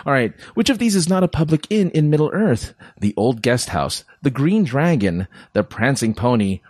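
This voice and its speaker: A man with a husky, slightly breathy voice reads trivia questions aloud and teases his co-host. His pitch swings widely as he jokes along. The sound is dry and close. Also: big pitch swings, normal speed, a little mellow, no echo. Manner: playful, laughs often, reads questions aloud. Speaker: podcast co-host. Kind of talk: casual quiz chat.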